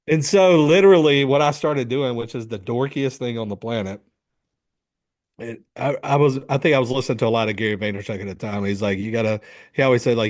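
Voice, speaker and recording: Here a middle-aged man who works as a men's coach is telling an interview story at a quick clip, his pitch medium. Lively and profane, he performs the lines people said to him.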